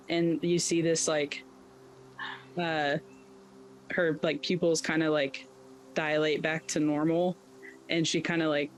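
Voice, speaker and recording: A man's voice: on the high side, a little hiss or hum, rough recording. A man playing a tabletop game, rambling through his character's actions with lots of filler words. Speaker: player.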